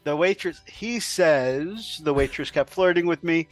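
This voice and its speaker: A man's voice: on the high side, unhurried, no echo, soft background music. Easygoing man laughing through chat. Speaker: podcast co-host. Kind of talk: casual chat while painting miniatures.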